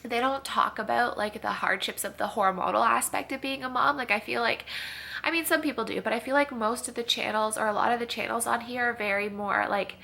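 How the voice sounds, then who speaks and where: A tired young vlogger rambles to the camera in her kitchen, confessional and close to tears, sniffling between thoughts. Her slightly high voice has vocal fry and a sharp tone, with fairly even intonation and a slightly fast pace.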